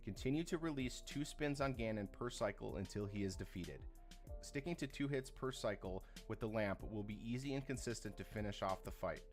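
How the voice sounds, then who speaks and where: Low male narrator, steady guide read with lively intonation. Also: brisk, faint music behind. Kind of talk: scripted game guide narration.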